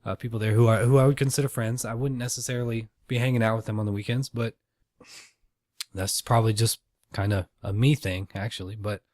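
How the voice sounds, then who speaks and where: Man, low voice, rambling solo podcast monologue, profane, dry close mic. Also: fairly even intonation, fairly quick, darkish tone, no echo. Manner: rambling, profane, self-deprecating. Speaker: podcast host.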